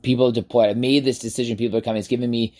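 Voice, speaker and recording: Guy in his 40s ranting through a wild story, swears a lot, dark mellow voice. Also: medium pitch, racing. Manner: profane, animated, swears freely. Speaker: podcast host. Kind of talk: casual personal storytelling.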